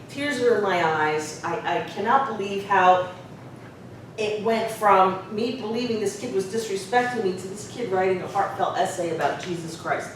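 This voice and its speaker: A woman who is a professor, telling a personal story in a conversational, reflective way. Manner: conversational, reflective, lots of "you know". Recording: very echoey room, distant mic, faint rumble.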